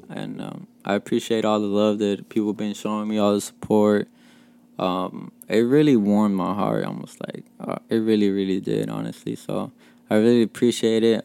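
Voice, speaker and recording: A man's voice: on the low side, creaky, darkish tone, clear, resonant tone. A man from Mexico hosting a casual podcast, telling stories in a loose, profane way, full of fillers and chuckles. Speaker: podcast host.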